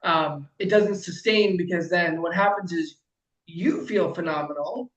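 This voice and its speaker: A man coaching a client in casual conversation, emphatic and animated, swearing freely and acting out quotes loudly. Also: sits high, unhurried, reverberant, lo-fi sound. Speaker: life coach.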